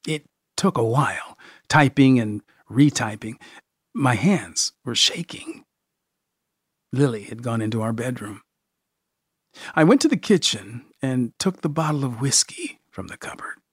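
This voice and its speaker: Husky man narrating a story slowly. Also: mid-range voice, sing-song, no echo, studio quality. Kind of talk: first-person audiobook narration.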